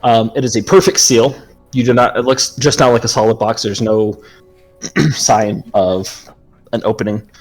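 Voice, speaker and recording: A male game master narrates a tabletop session in a relaxed, descriptive way, often pausing on "um". His pitch sits mid-range, and faint music plays behind him.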